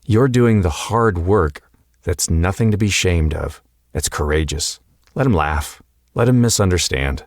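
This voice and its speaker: A man hosting a podcast, giving a calm, earnest and encouraging motivational talk with slow, emphatic pauses. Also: deep voice, no echo, studio quality. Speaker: podcast host and coach.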